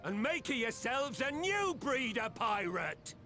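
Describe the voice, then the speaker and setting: An actor playing a gruff, proud old pirate captain in a game cutscene, speaking in a rough pirate brogue. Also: male voice, extremely high pitch, sing-song, measured pace, full character voice. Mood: rousing. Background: game music.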